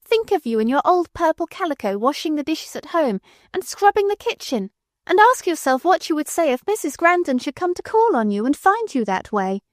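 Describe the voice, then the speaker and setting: A woman voicing a furious, shrill young woman who shouts accusations at her aunt, in an audiobook. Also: sing-song, fairly quick, no echo, clean studio sound. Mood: scornful. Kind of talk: audiobook character voice.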